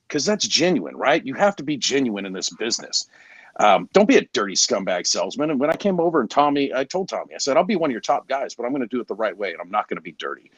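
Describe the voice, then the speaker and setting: Man in his 40s, salesman, casual podcast storytelling, candid, mid-pitched voice, dry close sound. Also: dry recording. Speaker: garage door salesman.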